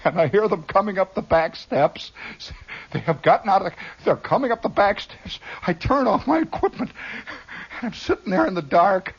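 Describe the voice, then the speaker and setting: Animated man spinning a radio yarn. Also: high-pitched, moderate pace, husky. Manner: conversational, repeats words, asides to listeners. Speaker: radio monologist. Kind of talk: rambling first-person storytelling. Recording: dull lo-fi 1960s radio broadcast.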